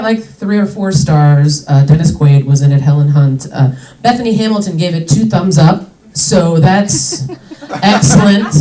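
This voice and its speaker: A woman's voice: on the high side, echoey room, distant mic, rough recording. A young adult woman doing a stand-up comedy set on a club stage, chatty and indignant, with lots of "like" fillers.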